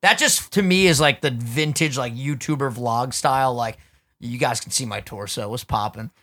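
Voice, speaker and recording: A man's voice: medium pitch, normal speed, fairly bright tone, slight background noise. A young man co-hosting a casual podcast, joking crudely and swearing as he chats at a studio desk. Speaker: podcast co-host. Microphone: studio mic at a podcast desk.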